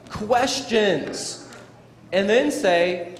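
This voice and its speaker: A lively man with a fairly high voice speaks a little slowly to a school assembly in a gym or auditorium. As a motivational speaker, he's playful and animated, acting out scenes for children, and the echoey hall has faint crowd noise.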